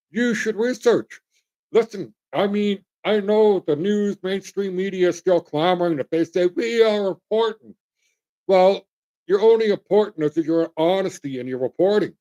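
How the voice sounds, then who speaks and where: A middle-aged man hosts a livestream in a fairly high, warm voice, though the audio is dull. His casual monologue rambles and is full of opinions, and he calls his listeners folks.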